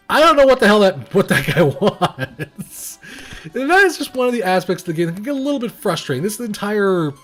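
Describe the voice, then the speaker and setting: Lively young man reviewing a game. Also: high-pitched, fairly quick, faint music behind. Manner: rambling, many fillers and restarts. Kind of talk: casual gameplay commentary.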